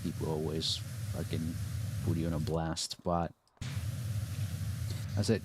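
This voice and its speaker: A man's voice: extremely low pitch, level tone, measured pace, long pauses, noisy background. A man streaming a game and chatting casually, laid-back and rambling, swearing and laughing often. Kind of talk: casual chat while gaming.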